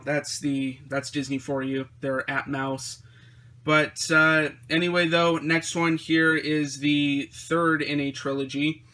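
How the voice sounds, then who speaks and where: A man's voice: fairly high pitch, fairly bright tone. A young man talking casually in a vlog, rambling about his collection with many fillers and restarts. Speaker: vlogger reviewing his disc collection.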